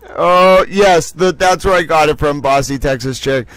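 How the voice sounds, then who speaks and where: A man's voice: a little high, moderate pace, few pauses, fairly bright tone, dry recording. A man hosting a casual livestream, giggly and theatrical, often breaking into laughter as he talks to his chat. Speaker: livestream host. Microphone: desk microphone.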